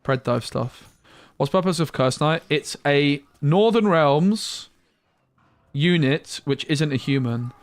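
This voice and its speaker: A man's voice: fairly high pitch, animated, slow, no echo. A man streaming a card game, chatting casually and muttering asides with mild slang. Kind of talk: casual gameplay commentary.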